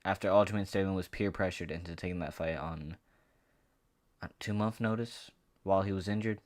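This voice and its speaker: A man with a lowish voice rants to camera about fighters, loose and profane. He rambles, restarts his sentences and keeps the heat up in a casual sports-vlog monologue. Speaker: MMA commentary vlogger.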